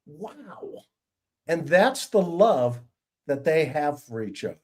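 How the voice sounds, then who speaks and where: A man's voice: fairly high pitch, very animated, measured pace, a little mellow. A middle-aged man hosting a livestream panel chat, telling stories with enthusiasm and emphasis over a video call. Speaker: host.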